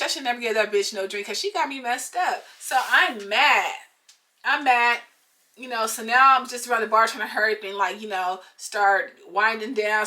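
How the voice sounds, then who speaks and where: A fairly high, bright and forceful woman's voice, telling a story straight to camera. She talks in loose slang and swears freely, and her animated rant keeps flaring into angry bursts. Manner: animated, profane, slangy retelling with outbursts. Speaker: vlogger. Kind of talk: casual storytime venting.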